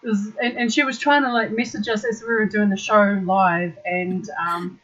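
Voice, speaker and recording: A woman's voice: medium pitch, steady tone, normal speed, fairly bright tone. A woman co-hosting a live stream, chatting casually with lots of laughs and fillers. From New Zealand. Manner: giggly, chatty, full of fillers. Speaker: co-host. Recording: dull lo-fi stream audio.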